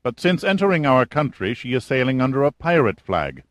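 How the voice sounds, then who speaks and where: A man putting on a jittery intelligence colonel, his voice pitched noticeably higher and pushed a little louder. He sounds anxious and eager to please his commander, and the audiobook recording is dry and close. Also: very animated, a little fast, no room sound. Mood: nervous. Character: nervous middle-aged male intelligence colonel.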